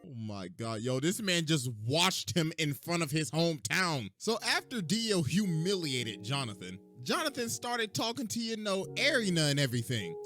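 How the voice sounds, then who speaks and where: A man retelling a story for laughs in an animated, slangy, exaggerated way. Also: on the high side, normal speed, few pauses, music in the background. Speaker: comedic storyteller.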